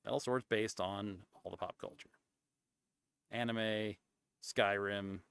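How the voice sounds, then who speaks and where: A man streaming a casual chat, rambling and often cutting himself off mid-thought, sometimes dropping into soft, breathy asides. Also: lowish voice, steady tone, slow pace, dry recording. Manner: rambling, self-interrupting and chatty.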